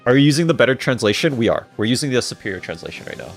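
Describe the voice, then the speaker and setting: A man's voice: medium pitch, sing-song, rapid-fire, faint music behind. Stuttering jokey male streamer. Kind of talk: casual chat while playing.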